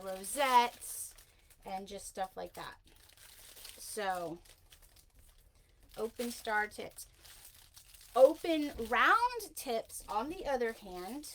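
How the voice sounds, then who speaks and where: A woman's voice: sits high, a bit bright, slight background noise, low-quality recording. A woman hosting a casual livestream craft demonstration, chatty and rambling, often breaking off with a laugh. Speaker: craft tutorial host.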